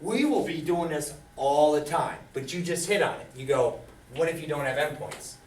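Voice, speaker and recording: Lively male math teacher in echoey classroom. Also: on the high side, normal speed, far from the mic. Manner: lively, quizzes students, animated. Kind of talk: classroom lecture with questions to students. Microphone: camera far from the speaker.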